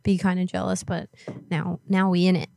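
A young woman running a prank call, flat and dismissive as a fake airline associate. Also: on the low side, moderate pace, vocal fry, no echo. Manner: flat, dismissive and rude in the prank, giggly after. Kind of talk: prank call on a live stream.

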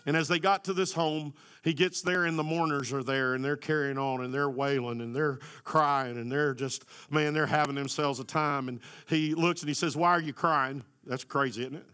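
Bright-voiced preacher, fiery. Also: male voice, fairly high pitch, steady tone, moderate pace, few pauses, smooth. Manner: builds from soft storytelling to loud, rising exhortation. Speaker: pastor. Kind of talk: sermon.

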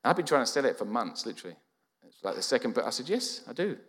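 A man, preaching a sermon as a lively storyteller who acts out quoted dialogue. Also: mid-range voice, very fast. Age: 40s. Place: church. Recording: church hall reverb.

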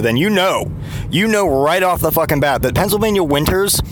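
A man's voice: a little high, noisy background. A man hosting a podcast, ranting in a casual comedic monologue full of swearing, sarcasm and restarts. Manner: profane, sarcastic rambling rant; frequent restarts and trailing asides. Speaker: podcast host.

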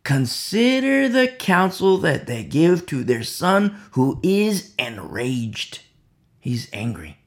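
A man preaching a Bible sermon, repeating key phrases, asking "You see?" and swinging between loud emphasis and quiet asides. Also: a little high, sing-song, slow pace. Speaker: Bible teacher.

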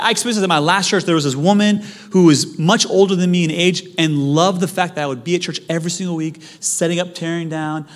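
Young man, pastor, lively sermon, slightly high voice, jokey, bursts of loud emphasis, church hall. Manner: conversational, joking preaching with sudden loud emphasis.

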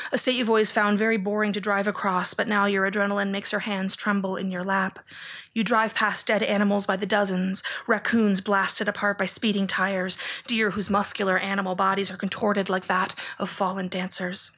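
A woman reading a memoir aloud in second person, in a hushed, even delivery that at times drops toward a whisper. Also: medium pitch, moderate pace. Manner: hushed, flat, sometimes close to a whisper. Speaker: audiobook narrator.

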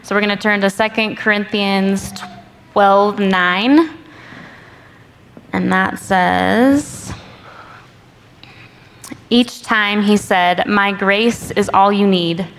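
A woman reads scripture aloud from a church stage, very slow and deliberate. A long reverb from the hall hangs behind her, with faint room ambience underneath. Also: mid-range voice, fairly even intonation, a bit bright, slight background noise. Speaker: guest speaker sharing her testimony. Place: church sanctuary.

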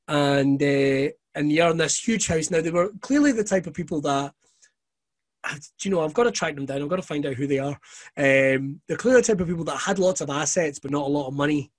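A man telling stories as a guest, his voice sitting a little high. He swears freely and throws himself into his anecdotes, laughing along the way. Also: a little fast. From Scotland. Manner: profane, animated anecdotes with laughter. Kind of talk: casual storytelling.

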